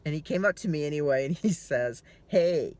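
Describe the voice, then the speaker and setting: A man's voice: a little high, lively intonation, fast. A tired middle-aged man vlogging from his car, rambling through casual stories, swearing freely and laughing easily. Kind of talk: casual chatty storytelling.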